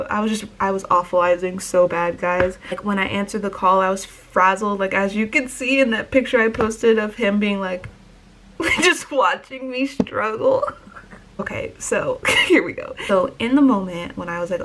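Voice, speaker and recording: A young woman vlogger telling a story in an excited, gushing way, full of "like" fillers. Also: mid-range voice, normal speed. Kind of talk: casual vlog storytelling.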